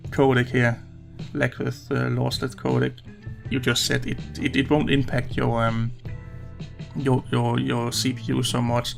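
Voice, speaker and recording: A man talking through a software tutorial in a loose, rambling way, swearing now and then and sounding a little hoarse. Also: medium pitch. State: slightly hoarse. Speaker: YouTuber explaining recording software. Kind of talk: casual screen-recording tutorial. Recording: background guitar music.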